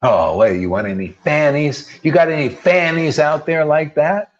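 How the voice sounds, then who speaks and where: A man's voice: on the high side, moderate pace. Combative slangy male preacher, dull lo-fi sound. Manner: combative, rhetorical questions, slangy "man". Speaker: spiritual teacher. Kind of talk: informal preaching. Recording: dull lo-fi recording.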